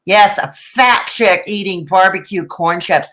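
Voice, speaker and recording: A woman's voice: mid-range voice, a little slow, fairly bright tone, rough recording. A middle-aged woman doing live reaction commentary, sarcastic and mocking, with dramatic asides and laughs. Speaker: reaction streamer.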